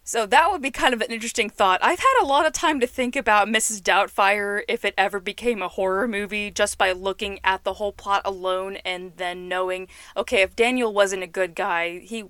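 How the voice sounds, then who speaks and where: A woman's voice: medium pitch, no room sound. A woman talking casually and chattily about movies as a solo commentator. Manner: chatty, animated, laughs often. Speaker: film commentator.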